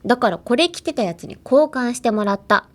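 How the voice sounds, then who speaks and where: A woman's voice: on the high side, expressive, racing, voice pushed up, natural voice. A woman reading as a flustered teenage boy. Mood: defensive. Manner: defensive, stammering.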